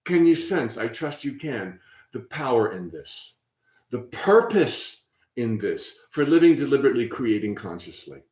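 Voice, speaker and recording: A man hosting a spiritual workshop, talking in a gentle, encouraging way with frequent fillers and restarts. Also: medium pitch, very animated, a little slow, reverberant. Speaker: workshop host. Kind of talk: guided spiritual workshop talk.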